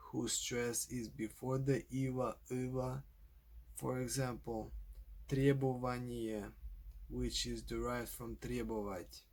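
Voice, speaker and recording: A man narrating a scripted language lesson, speaking slowly and deliberately, carefully spelling out example words. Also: mid-range voice. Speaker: language teacher.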